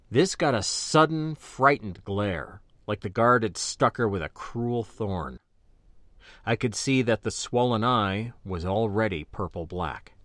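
Lively low-voiced man narrating. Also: measured pace, no echo. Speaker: audiobook narrator. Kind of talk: first-person fiction narration.

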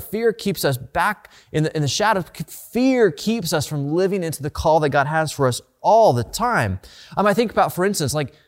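Guy pastor giving a sermon, kinda high voice, earnest, keeps repeating words as he goes.

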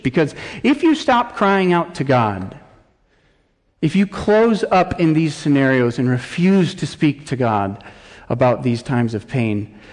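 A man's voice: mid-range voice, a little mellow. A man, a middle-aged pastor, preaching a sermon with earnest intensity, voicing prayers as rising cries. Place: church sanctuary. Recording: long church reverb.

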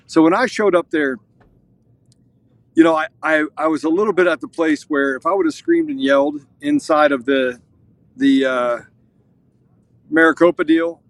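A man's voice: fairly high pitch, no echo. A man on a live stream, speaking outdoors at a state capitol. He is fired up and emphatic, and his sentences run on with restarts. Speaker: on-location guest reporting in. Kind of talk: casual live-stream chat.

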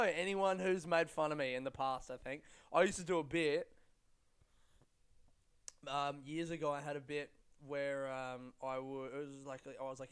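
Rambling, profane young comedian. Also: male voice, a little high, clear, resonant tone. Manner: rambling, profane, quick to laugh. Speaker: comedian and podcast host. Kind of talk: casual solo podcast storytelling.

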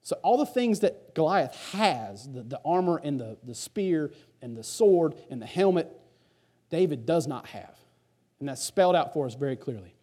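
A man's voice: on the high side, expressive, moderate pace, mellow, breathy edge. A male pastor preaching a sermon in a conversational, storytelling way.

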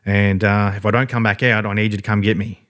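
Fast-talking Australian man telling a yarn. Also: fairly low pitch, little pitch movement, a bit bright. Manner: rambling, heavy swearing, laid-back. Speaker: podcast guest. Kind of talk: casual storytelling.

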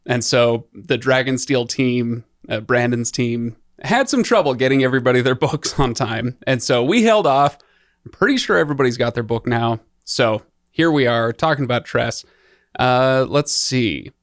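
Man hosting a relaxed studio podcast. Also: mid-range voice, moderate pace, no room sound. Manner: rambling, self-deprecating, restarts often. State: feeling under the weather. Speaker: podcast host. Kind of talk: casual chat.

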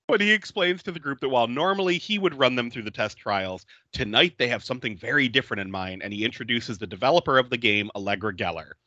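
A man's voice: mid-range voice, a little fast, no room sound, lo-fi sound. A man hosting a podcast, recapping a film in casual chat and laughing often. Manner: laughs often, animated and chatty. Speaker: podcast host.

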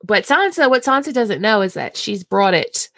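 A woman's voice: medium pitch, sing-song, moderate pace, dry recording, clean studio sound. A woman hosting a podcast, chatting casually and bluntly, with plenty of swearing. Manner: blunt, casual and profane, drifts into character voices. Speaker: podcast host.

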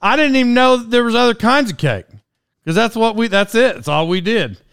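Gravelly high-voiced man telling a story. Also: animated, a little fast, fairly bright tone, dry recording, clean studio sound. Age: 40s. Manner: rambling, self-interrupting, laughs at himself. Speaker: podcast host. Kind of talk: casual solo storytelling.

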